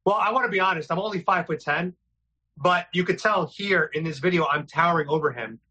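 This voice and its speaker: An earnest man from New York City speaks as a guest in a casual interview, laying out his experiences plainly. His voice sits a bit high for a man, with a bright, tense edge and a husky grain. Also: a little fast, low-quality recording.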